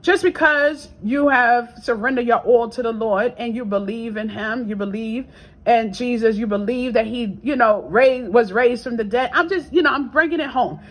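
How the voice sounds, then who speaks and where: A woman vlogging a casual faith testimony, chatty and repetitive, swinging between hushed prayer and raised exclamations. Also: a little high, normal speed, low-quality recording. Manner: chatty and repetitive, with laughs and asides.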